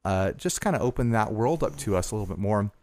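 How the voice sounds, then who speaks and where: A man's voice: fairly low pitch, expressive, quick pace, a little mellow. A man co-hosting a podcast in casual chat, talking earnestly and rambling with restarts. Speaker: podcast co-host.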